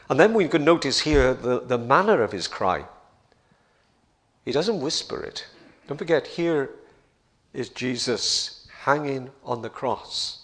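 A man delivering a sermon at an unhurried pace, with a voice of ordinary pitch for a man. He repeats key phrases for emphasis and rises into emphatic, forceful passages. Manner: slow, deliberate preaching with rising emphatic passages. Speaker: preacher.

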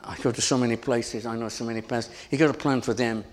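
A man's voice: medium pitch, fairly even intonation, quick pace. A middle-aged man preaching a sermon as pastor, earnest, repeating his phrases and stumbling over restarts.

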